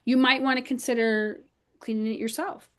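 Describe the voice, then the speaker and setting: A woman's voice: a little high, fairly even intonation, normal speed, fairly bright tone. A woman who coaches cleaning business owners, co-hosting a casual podcast and telling frank stories about difficult clients. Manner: blunt, candid storytelling.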